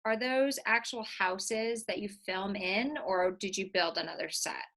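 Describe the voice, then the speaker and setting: A woman's voice: medium pitch, unhurried, a bit bright. A woman hosting an interview podcast, asking curious questions and reacting with short interjections. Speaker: podcast host.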